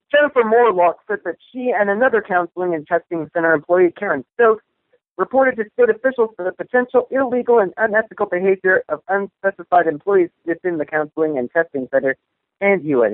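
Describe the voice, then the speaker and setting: A man's voice: high-pitched, no echo. A man co-hosting a news show, reading headlines and adding wry comments of his own. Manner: reads news items with wry asides. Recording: tinny phone line, dry.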